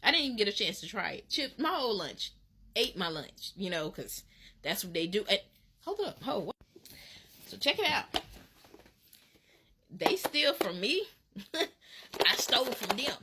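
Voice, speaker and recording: A woman from Alabama, telling a casual storytime in an animated, dramatic way with laughs. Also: medium pitch, measured pace, long pauses, a little hiss or hum. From Alabama, USA. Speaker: vlogger.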